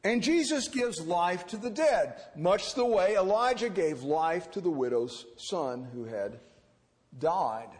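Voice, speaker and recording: Animated preacher in an echoing hall. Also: male voice, high-pitched, slow pace. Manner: animated, acts out quoted characters. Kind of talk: expository sermon. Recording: reverberant hall.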